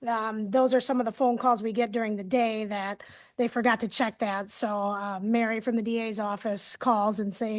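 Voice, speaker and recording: A woman from police department staff presenting at a city committee meeting in a conversational way, often trailing off quietly. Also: a little high, steady tone, moderate pace.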